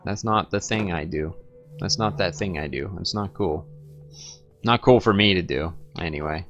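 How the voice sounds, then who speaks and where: The audio is dull, with faint background music, as a young gaming streamer chats through his play at a moderate pace in a fairly bright tone. Rambling and joking, he wanders off topic and talks to his pets in a squeaky baby voice.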